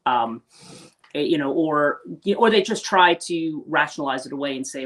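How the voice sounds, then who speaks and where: A woman hosts a spiritual life coaching livestream, talking in a casual, unscripted, rambling way with many restarts and acted-out quotes. Her voice is low-pitched and fairly bright, and she speaks expressively and briskly.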